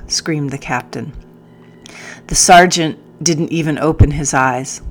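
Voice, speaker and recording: A woman narrating a first-person audiobook in a measured, earnest way. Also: sits low.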